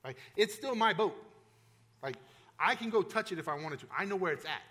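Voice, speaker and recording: A man's voice: high voice, expressive, fairly quick, bright, forceful tone. A male pastor preaching a sermon in a conversational, emphatic way, with frequent restarts and asides to the congregation.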